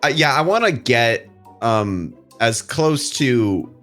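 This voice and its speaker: A man's voice: medium pitch, expressive, takes it slowly, a bit bright, faint music behind. Playful man player. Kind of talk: tabletop role-play, casual.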